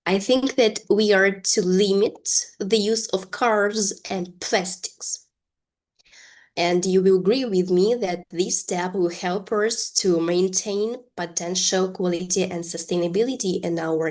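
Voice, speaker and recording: A woman teaching an English lesson, with careful, drawn-out pronunciation drills. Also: medium pitch, fairly even intonation, a little mellow. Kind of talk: language lesson.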